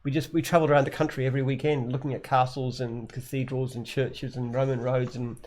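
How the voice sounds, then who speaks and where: An Australian man in his usual middle pitch talks in a plain, unpolished way. He wanders through his answers, restarting sentences as he goes, like a founder chatting loosely on a live show. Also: level tone, fast talker, a little mellow, slight background noise. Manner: plainspoken, rambling, frequent restarts. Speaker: company founder and CEO. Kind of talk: casual live Q&A chat.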